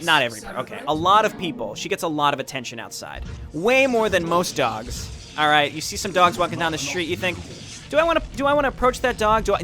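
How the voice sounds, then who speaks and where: A young man casually commenting while playing a strategy game, rambling through stories and correcting himself as he goes. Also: on the high side. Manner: rambling, self-deprecating storytelling with frequent restarts. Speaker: gaming YouTuber. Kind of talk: casual let's-play commentary. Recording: game music playing underneath. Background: game music.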